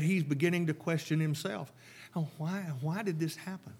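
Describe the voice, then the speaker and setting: Preacher in the pulpit, emphatic, fond of rhetorical questions, voice on the high side. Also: male voice, fairly even intonation, normal speed, a little mellow, slightly rough. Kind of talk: sermon.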